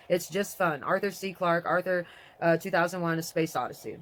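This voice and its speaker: Fast-talking rambling vlogger. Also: medium pitch. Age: adult with a grown child. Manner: rambling, self-interrupting, swings between excited and mournful. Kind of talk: casual rambling vlog, reading from a website.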